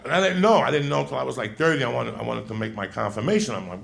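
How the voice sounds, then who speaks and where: A man's voice: medium pitch, rapid-fire, gravelly, fairly bright tone. A man telling a rowdy childhood story on stage as a stand-up comedian, swearing and laughing as he goes.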